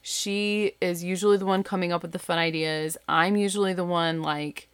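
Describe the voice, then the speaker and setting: A woman in her thirties talks from her bedroom at home. Her voice sits low, and she rambles casually with asides and fillers. The recording is dry and close, with little room sound. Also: steady tone, normal speed, clear, resonant tone, dry recording. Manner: chatty, rambling, full of asides and "like". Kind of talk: casual storytelling.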